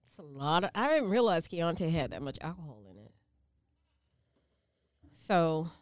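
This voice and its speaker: A woman with a fairly low voice that still swings up and down a lot as she leads a relaxed wine tasting. She keeps things moving with quick agreements. The sound is close and dry, with no room around it. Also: no echo. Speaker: podcast co-host leading a wine tasting. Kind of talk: casual chat.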